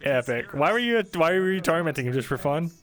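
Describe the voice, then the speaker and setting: A man's voice: a little high, expressive, fairly quick, a bit bright, soft background music. A tired man streaming, chatting casually and joking around with frequent laughter after a role-play session. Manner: laughs often, joking, goofy. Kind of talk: casual post-session chat.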